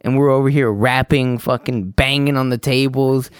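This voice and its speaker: A man's voice: mid-range voice, moderate pace, clear, resonant tone, dry recording. A young man co-hosting a podcast, telling a school story in casual, profane chat full of fillers. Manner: profane, animated, lots of fillers. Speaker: podcast co-host.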